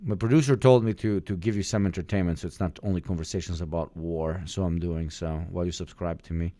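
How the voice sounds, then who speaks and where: A man's voice: deep voice, fairly even intonation, fast talker, dark tone, no room sound. A man streaming live and reacting to clips with casual, profane jokes.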